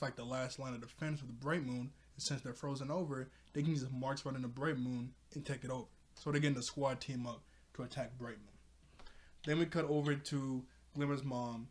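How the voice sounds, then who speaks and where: A man giving a casual, chatty episode recap, filling his talk with "like" and laughing often. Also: medium pitch. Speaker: TV episode reviewer.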